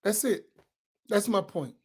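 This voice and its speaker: In a high, husky voice with lively intonation, an imam speaks at a measured pace during an informal religious class. He chats with his listeners, checks in with them frequently and repeats the main points to stress them.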